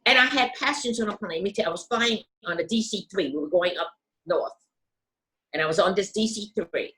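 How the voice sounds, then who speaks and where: Older woman, interview guest, medium pitch, measured storyteller who acts out quoted voices. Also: fairly bright tone, poor audio. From United States. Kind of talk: telling her life story.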